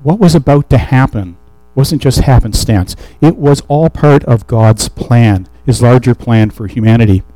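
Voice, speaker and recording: A man delivering a sermon in a mellow, relaxed voice, reading scripture aloud and then unpacking it in an easygoing, conversational way. The sound is dry and close, with no room around it. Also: medium pitch, normal speed, hardly any pauses, no echo, low-quality recording. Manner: conversational Bible teaching with restarts and fillers. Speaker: preacher.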